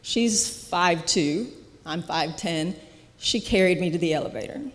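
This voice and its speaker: Earnest church testimony, halting, long reverb. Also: mid-range voice. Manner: halting, earnest, with frequent restarts and soft laughs. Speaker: guest speaker sharing a testimony. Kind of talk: personal testimony at a church service. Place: church sanctuary.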